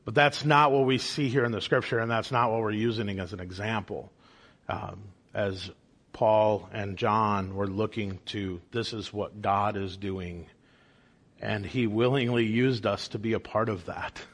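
A man's voice: lowish voice, steady tone, a little slow, a bit bright. A man, father of a young child, teaching a church Bible study class in an earnest manner and posing questions to the group. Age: adult father of a young child.

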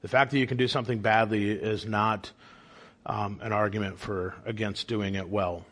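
His voice is on the low side and a bit bright, with a steady tone at normal speed. He's an adult man with a young child, earnestly teaching a church Bible study class and asking the group questions.

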